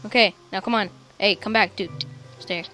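A woman hosting a casual gameplay session, goofy and excitable, often breaking into sing-song chants. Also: medium pitch, normal speed, over music. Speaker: let's play host.

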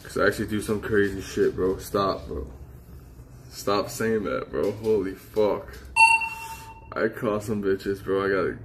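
A man livestreaming outdoors, talking in a rambling, profane, agitated way while high and paranoid. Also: a little slow, background noise. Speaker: IRL livestreamer. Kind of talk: live street streaming.

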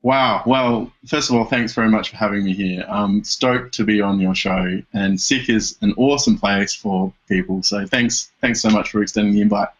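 A man's voice: on the low side, normal speed, hardly any pauses. A man with dry humour, telling a story as a guest on a casual podcast. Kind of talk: casual interview chat. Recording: dull lo-fi podcast audio.

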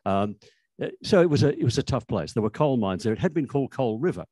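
A man's voice: mid-range voice, big pitch swings, fast talker, mellow, breathy edge, dry recording. An older Australian man giving a conversational, anecdotal talk about language history, with frequent restarts. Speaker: author speaking on language history.

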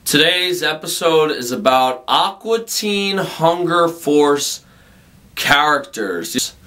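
A man's voice: on the high side, expressive, takes it slowly, pushed and bright. A man hosting his own comedic vlog in a casual, goofy way, laughing often between lines. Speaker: vlog host.

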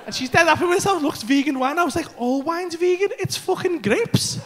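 A man in his thirties performing a stand-up comedy set on a club stage, telling a brash, sweary story with bursts of shouting into a handheld mic. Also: very high voice, a little fast.

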